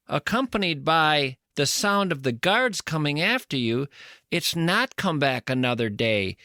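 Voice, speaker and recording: Male talk host, higher voice, dry close sound, dramatic recaps. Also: sharp tone, dry recording. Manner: dramatic recaps, reads lines aloud in a low voice. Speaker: radio host. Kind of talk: interview talk.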